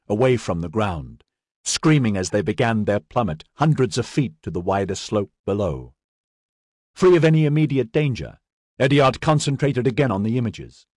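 A man narrating a fantasy audiobook in an expressive, dramatic reading. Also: medium pitch, no echo, studio quality. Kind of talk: scripted narration.

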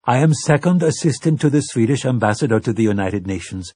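Man putting on a faint scandinavian accent, dazed white-haired diplomat guy, slow and flat, husky. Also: mid-range voice, no room sound, clean studio sound.

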